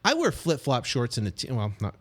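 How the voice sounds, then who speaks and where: A middle-aged man coaching on real estate deals in a casual motivational monologue, animated and repetitive, full of fillers, restarts and quick acted snippets. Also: medium pitch. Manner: acts out quick snippets of other voices.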